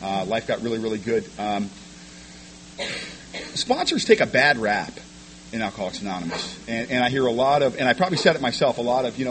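A man's voice: medium pitch, sing-song, fairly bright tone, slight background noise, poor audio. A man sharing his personal recovery story with a meeting, frank and self-deprecating, often stumbling over repeated words. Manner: rapid, stumbling repetitions of words.

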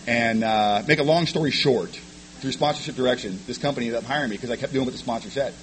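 A man speaks to a meeting about his own recovery, his words tumbling out quickly and often doubling back on themselves. His tone is frank and self-mocking, pitched in an ordinary middle register. A faint hum sits under the voice. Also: rough recording. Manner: rapid, stumbling repetitions of words. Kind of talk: personal testimony to a meeting.

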